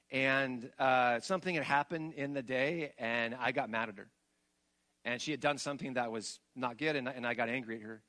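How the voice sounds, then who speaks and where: Middle-aged male pastor, sermon voice, mid pitch, storytelling that swings from loud emphatic peaks to hushed asides.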